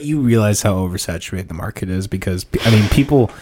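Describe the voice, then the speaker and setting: Deep-voiced hesitant man host. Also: expressive, fast talker, darkish tone. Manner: hesitant, many fillers. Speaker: podcast host. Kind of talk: casual podcast interview.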